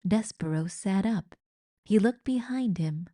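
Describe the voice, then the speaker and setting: A woman reading a children's book aloud as narrator, with slow, expressive storytelling. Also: mid-range voice.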